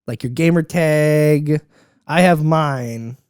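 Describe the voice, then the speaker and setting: Jokey young podcast host, higher voice. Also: male voice, slow, darkish tone, clear, resonant tone, dry recording, clean studio sound. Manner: jokey, laughs often, upbeat banter. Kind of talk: casual chat.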